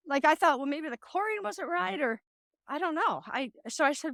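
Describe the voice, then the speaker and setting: Chatty high-voiced woman host. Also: normal speed, no echo, studio quality. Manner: chatty, animated storytelling with quoted dialogue. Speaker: podcast host. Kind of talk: casual advice monologue.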